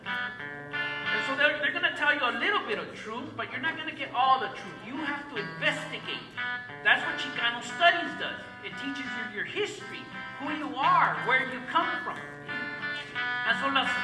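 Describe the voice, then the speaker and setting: Teacher, mid-pitched, emphatic lecture with call-and-response, roomy room, mic far off. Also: very animated, unhurried, over music. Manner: emphatic, repeats key words, asks the class questions. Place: classroom.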